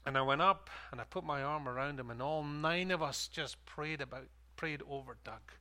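A man, a pastor preaching a sermon and telling a story, animated and laughing at times. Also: fairly high pitch, moderate pace.

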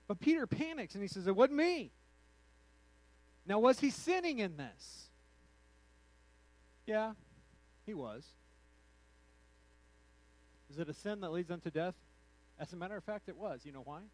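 Animated high-voiced man preaching a sermon. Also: poor audio. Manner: animated, acts out quotes, conversational asides. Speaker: pastor.

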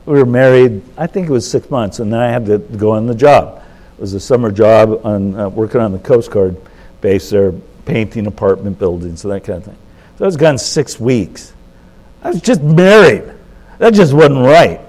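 A man in his seventies, a pastor giving a conversational sermon, folksy and self-interrupting, jumping up in pitch for emphasis. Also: normal speed, rough recording. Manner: animated, jumps up in pitch for emphasis.

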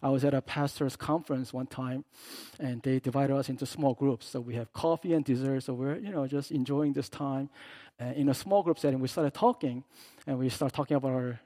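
A man preaching a sermon as a pastor. He is animated, swinging from soft asides to loud, emphatic passages, and acts out the words he quotes. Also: medium pitch, fairly quick, no room sound.

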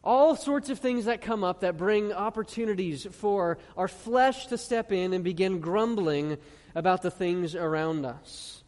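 A high-pitched male pastor delivers an earnest sermon, slowing to stress each phrase of scripture and putting questions to his listeners. His voice rings with the long reverb of a large church hall. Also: a little mellow. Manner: earnest preaching with rhetorical questions and slow emphatic scripture reading.

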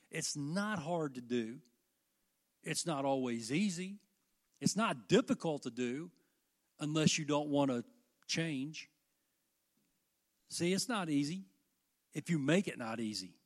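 A man's voice: fairly high pitch, lively intonation, slow pace, pauses often. An older man preaching a sermon to his congregation, with fervent delivery that rises and falls. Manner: fervent, rising and falling delivery.

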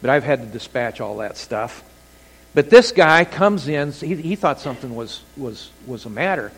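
A man preaching a sermon as pastor, telling stories with animated delivery and acting out quoted voices. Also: medium pitch, normal speed, husky. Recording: long hall reverb.

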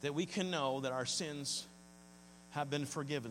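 In a church hall, a man preaching as pastor speaks at a moderate pace in a voice on the high side with a fairly bright tone. He is earnest and folksy, frequently stumbling and repeating himself, amid long reverb and mains hum.

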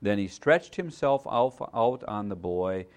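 A male pastor giving a sermon, talking conversationally and checking in with his listeners, swinging between loud emphasis and hushed asides and often repeating words as he goes. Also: fairly low pitch, lively intonation, a little slow.

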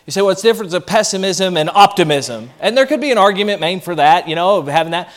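A man preaching a sermon as pastor, animated and lively, acting out the voices of people he quotes. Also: high voice, racing, hardly any pauses.

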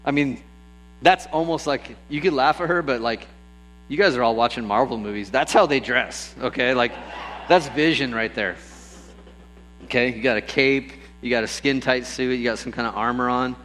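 A man preaching a sermon, telling stories with lively bursts and acting out the people in them. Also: mid-range voice, moderate pace, slight background noise, low-quality recording. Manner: lively storytelling, acts out voices with bursts of excitement. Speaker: pastor.

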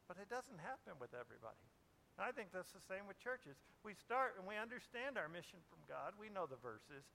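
A male pastor delivers a conversational sermon with a bright, forceful voice that sits a little higher than most men's. He keeps asking his listeners questions as he talks. A faint hiss lies underneath the recording. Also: sing-song, a little fast, creaky. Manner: conversational preaching with rhetorical questions.

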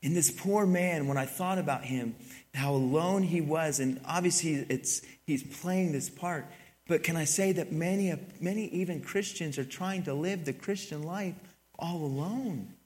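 Man, pastor, sermon, slightly high pitch, rambling storyteller, shifts between soft and loud. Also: normal speed. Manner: rambling storytelling, swings from soft to loud when retelling scenes.

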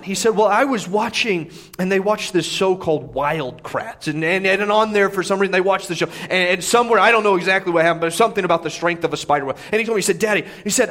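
A pastor preaching to his congregation, with a voice pitched high for a man. He leans hard on key phrases, swinging from hushed, low asides to raised, emphatic declarations. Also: quick pace, hardly any pauses. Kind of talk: sermon.

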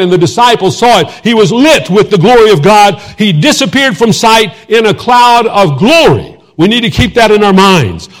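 A man with a Texas accent preaching a sermon, reading scripture slowly and adding relaxed, joking asides. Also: high voice. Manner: conversational, asides and self-deprecating humor; reads scripture slowly and deliberately.

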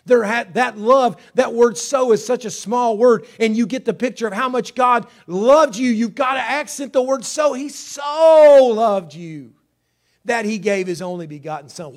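A middle-aged man preaching a sermon, stretching key words and climbing in pitch to drive points home.

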